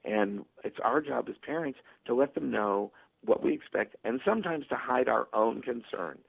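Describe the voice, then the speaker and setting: A male author telling stories and acting out parents' voices in a radio interview, with a husky, gravelly voice. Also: medium pitch, expressive, normal speed. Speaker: author guest. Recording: tinny phone line.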